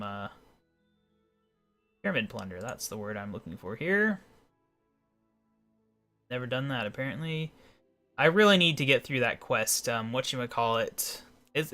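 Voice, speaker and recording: A man's voice: lowish voice, sharp tone. A man giving rambling, casual commentary while playing a video game. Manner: rambling, talks to himself. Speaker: video game let's player.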